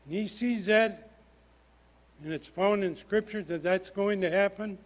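An older man preaches from a church lectern in a high, ringing voice. His delivery is earnest and emphatic, pressing each point hard as he works through scripture. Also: unhurried. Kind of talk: sermon.

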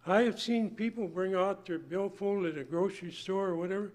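Older guy preaching, high-pitched voice, folksy, gets loud then goes quiet. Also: brisk, few pauses. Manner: folksy, emphatic, swings from loud to hushed. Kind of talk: sermon.

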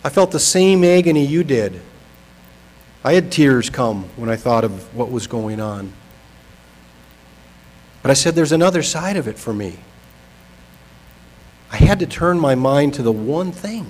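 A man preaching a sermon, reading scripture aloud and slowing to stress key words. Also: medium pitch, animated, poor audio. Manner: swings between soft and emphatic, slows for stress. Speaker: pastor.

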